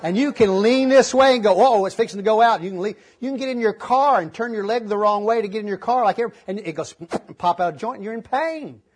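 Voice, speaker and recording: A man's voice: sits high, fast talker, few pauses. A man preaching a sermon to his congregation, telling folksy stories with laughter and repetition. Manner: folksy storytelling with laughs and repeated phrases. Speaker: pastor.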